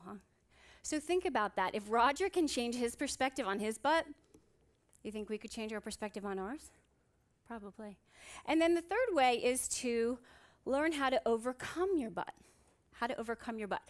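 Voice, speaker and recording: A woman psychiatrist speaks on stage at a conference, giving a motivational talk full of funny stories and rhetorical questions to the audience. Her voice is a little high.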